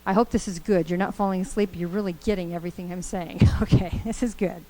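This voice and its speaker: A woman's voice: on the low side, fairly even intonation, quick pace, mellow, rough recording. A woman trainer giving a conversational, upbeat lecture to a group in a meeting room. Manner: conversational, upbeat, storytelling with acted quotes. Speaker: course trainer.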